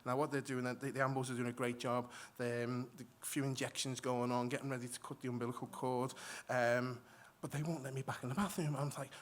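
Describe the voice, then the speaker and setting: A man telling a story on stage to a live audience, animated, acting out voices and often restarting his sentences. He has moved to Australia from elsewhere. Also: mid-range voice, a little fast. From migrated to Australia. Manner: animated, acts out quoted voices, frequent restarts. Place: stage in a hall before an audience.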